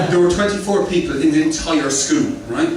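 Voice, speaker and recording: A man's voice: fairly high pitch, unhurried, a little mellow, slight background noise. A man from the west of Ireland with an Irish accent, doing a chatty, rambling stand-up set and quizzing the crowd. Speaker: stand-up comedian. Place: comedy club. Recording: echoey club from far off.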